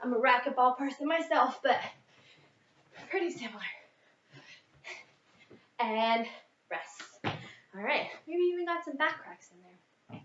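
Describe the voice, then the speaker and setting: A woman's voice: high-pitched, animated, measured pace, long pauses, fairly bright tone, a little hiss or hum. A young woman leading a workout as a fitness instructor, a little out of breath, counting reps and coaching. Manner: upbeat coaching, counting reps, mid-exercise. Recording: echoey, distant, dull lo-fi.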